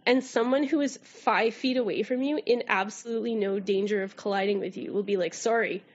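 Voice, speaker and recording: A woman's voice: mid-range voice, a little fast. A Canadian woman, a guest writer, chatting and swearing casually on a podcast. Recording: dull lo-fi audio.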